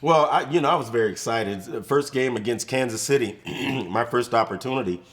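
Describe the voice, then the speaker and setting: A man in his sixties, a former football player, chatting as a studio guest and telling animated stories. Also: medium pitch, a little fast. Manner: animated storyteller, acts out quotes. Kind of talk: casual studio chat, storytelling. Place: studio set.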